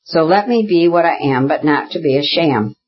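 A reader voicing Kitty, a proud young woman who speaks in impassioned, insistent bursts, with a husky voice. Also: mid-range voice, moderate pace, muffled recording, slight background noise, close to an everyday voice. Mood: furious. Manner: impassioned, insistent, repeating herself. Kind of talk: audiobook character reading.

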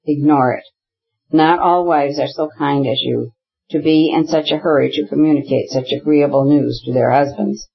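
An audiobook reader voicing a cold, sarcastic middle-aged official husband with a thin, shrill manner, reading his lines in a formal, stiff way. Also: fairly even intonation, moderate pace, creaky, slightly rough, dull audio.

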